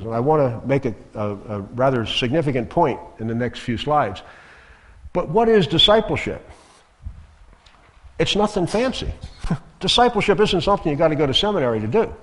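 A man's voice: medium pitch, a bit bright. Man preaching in a reverberant church. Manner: conversational, emphatic, repeats phrases. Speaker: guest preacher. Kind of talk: sermon. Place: church sanctuary. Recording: long hall reverb.

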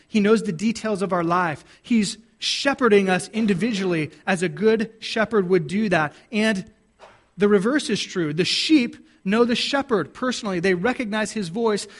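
A man preaching a sermon as pastor, talking to his congregation in a conversational way, asking them questions and answering them, with frequent restarts. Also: high-pitched.

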